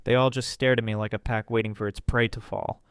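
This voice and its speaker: Male storyteller, smooth and resonant, close dry mic, dramatic first-person read. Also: little pitch movement, fairly quick, dry recording. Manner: dramatic, voices characters with pitch jumps. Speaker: story narrator.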